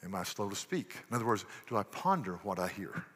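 A man's voice: lowish voice, very animated, fairly quick, fairly bright tone, husky. A man preaching a sermon as pastor, earnest, asking rhetorical questions and often restarting his sentences. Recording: long church reverb.

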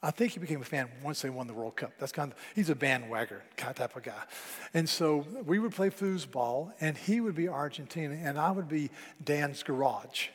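A man preaching a sermon, telling stories and dropping to a hush for emphasis. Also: a little high, a little fast, husky. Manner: storytelling, drops to a hush for emphasis. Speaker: pastor. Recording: long hall reverb.

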